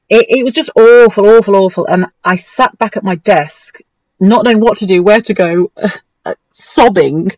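A woman appears as a guest on a talk show, telling a painful personal story in a mid-range, unhurried voice. She's animated, acting out what others said in a mimicking voice, and the poor audio has no room sound.

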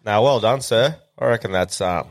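An Australian man hosts a casual podcast full of crude, laughing banter. His voice sits on the low side. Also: normal speed. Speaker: podcast host.

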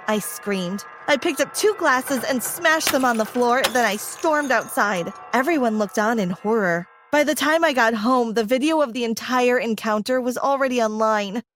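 A woman's voice: fairly high pitch, normal speed, hardly any pauses, fairly bright tone, a little hiss or hum. A young woman narrating a first-person story in a dramatic, emotional style.

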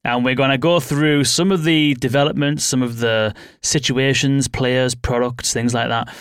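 Man, podcast host, casual chat, mid pitch, dry close sound. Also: fairly even intonation, normal speed, clear, resonant tone, no room sound. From United Kingdom. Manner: easygoing, laughs often, chatty restarts.

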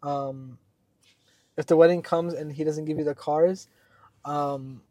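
Young male co-host, slightly high voice, dry close sound, rambling animated storyteller. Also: a little slow, no room sound. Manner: animated, swearing, many fillers. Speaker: podcast co-host. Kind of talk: casual storytelling chat.

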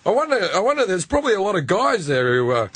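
Crude animated man. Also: high-pitched, fast, breathy edge. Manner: crude, animated storytelling with laughter. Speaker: comedian guest telling stories. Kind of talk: casual podcast banter.

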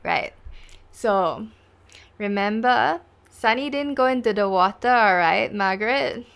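A woman's voice: medium pitch, measured pace, vocal fry, fairly bright tone, smooth. A Singaporean woman hosting a casual true-crime podcast, chatty and full of fillers. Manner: chatty, lots of likes and lah. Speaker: podcast host.

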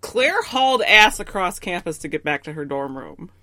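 A woman's voice: on the low side, big pitch swings, normal speed, bright, forceful tone, no room sound. A woman co-hosting a casual TV recap chat, adding playful, jokey asides. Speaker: podcast co-host.

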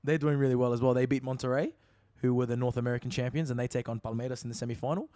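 A man's voice: mid-range voice, steady tone, mellow, dry recording, clean studio sound. A man hosting a football podcast in a casual, enthusiastic chat. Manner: quick, enthusiastic, wraps up the show. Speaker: podcast host.

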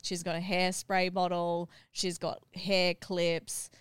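A middle-aged woman hosting a family podcast, animated and laughing as she retells a family story. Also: fairly low pitch, slow pace, clear, resonant tone, no room sound. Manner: animated, acts out what others said, laughs while telling. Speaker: podcast host and mother.

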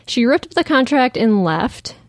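A woman's voice: a little high, sing-song, moderate pace, no room sound. Woman reading a listener email, dry sound. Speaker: podcast co-host. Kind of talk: casual chat, reading a listener email aloud.

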